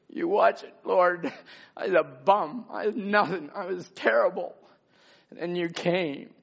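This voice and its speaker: A man preaching a fervent sermon as pastor, moving from quiet, plain talk to loud shouting. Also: fairly high pitch, gravelly, dull audio.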